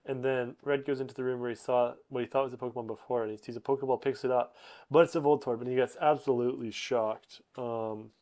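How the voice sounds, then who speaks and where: A man's voice: medium pitch, steady tone, fast, a little mellow. A young man giving a rambling, sleep-aid summary full of fillers and self-corrections. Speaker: host.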